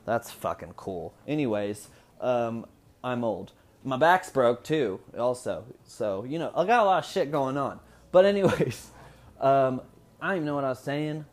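A man's voice: mid-range voice, lively intonation, moderate pace. A man in his twenties from Indiana, talking at home in a rambling, profane casual chat and laughing often. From Indiana, USA. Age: 20s. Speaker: vlogger.

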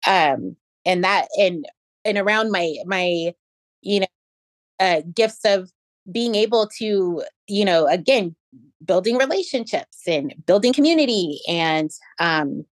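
A woman speaks as an interview guest at a middle pitch. She tells her stories reflectively and often pauses on fillers and restarts. Her voice sounds dry and close, with almost no room sound. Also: lively intonation, no room sound. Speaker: interview guest, education equity director. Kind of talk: conversational storytelling in an interview.

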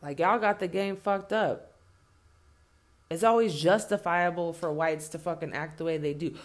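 A woman's voice: fairly low pitch, moderate pace. A woman delivering an impassioned spoken rant, blunt and heavily profane, hammering points home by repeating herself.

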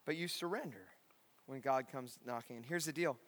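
A man's voice: medium pitch, normal speed, long reverb tail. A male pastor preaching a sermon in a large church, telling a story animatedly and acting out voices. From California. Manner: animated storyteller, acts out voices, shouts at climaxes.

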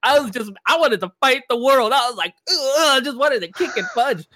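A man casually telling a travel story on a podcast, animated and laughing as he talks. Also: very high-pitched, brisk, no echo. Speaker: podcast co-host.

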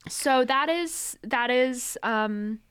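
A young woman co-hosting a podcast in casual chat, animated and laughing often, restarting her sentences as she talks. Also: sits high, drawn-out words, clear, resonant tone. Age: young adult. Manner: animated, laughs often, repeats words while starting sentences. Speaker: podcast co-host.

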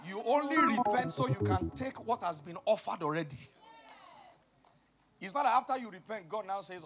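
Passionate pastor guy, high voice, preaching loud then quiet, faint music underneath. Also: animated, quick pace. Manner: swings from quiet teaching to loud shouted emphasis. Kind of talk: sermon.

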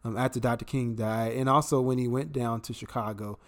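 A man co-hosting a podcast in animated, sarcastic chat, with swearing and mocking asides. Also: medium pitch, a little fast. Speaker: podcast co-host. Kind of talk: casual political chat.

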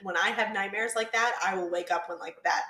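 A young woman co-host in casual chat, mostly reacting with quick interjections and brief musings. Her middle-pitched voice carries a noticeably roomy echo. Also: bright, forceful tone. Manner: reactive listener with short exclamations. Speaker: podcast co-host.

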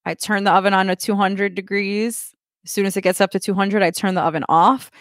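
A woman's voice: mid-range voice, a little fast, no echo, studio quality. Chatty woman telling a story. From United States. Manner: animated storyteller, acts out quotes with laughs. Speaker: podcast co-host. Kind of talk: casual chat.

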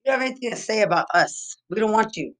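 A woman's voice: mid-range voice, expressive, fast talker, a bit bright. A woman from Texas delivering an angry, rambling monologue full of repeated accusations and profanity. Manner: agitated, accusatory, repetitive, profane.

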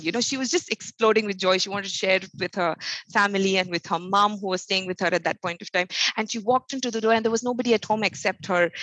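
A woman's voice: medium pitch, a bit bright, dry recording, rough recording. A woman talking earnestly as a podcast guest, an encouraging motivational trainer who speaks emphatically and often adds "you know" and "right?". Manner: faith-centered encouraging tone. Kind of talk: podcast interview answer.

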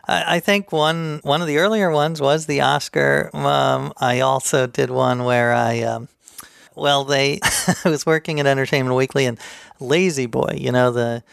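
A man's voice: medium pitch, steady tone, unhurried, vocal fry, smooth, dry recording, clean studio sound. A middle-aged man, an author and guest on a podcast, telling self-deprecating stories with loose fillers. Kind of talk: storytelling in a podcast interview.

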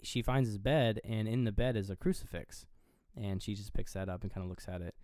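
This podcast co-host has a somewhat low, slightly mellow voice and a brisk pace. Rambling through a horror movie scene by scene, he swears freely and laughs at himself. The recording is clean studio sound with no echo.

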